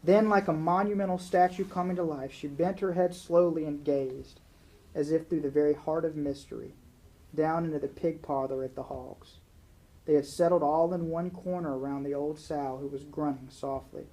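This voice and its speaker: A man's voice: fairly high pitch, warm tone, poor audio. Man reading a story in a sermon. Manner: conversational, reading a story aloud.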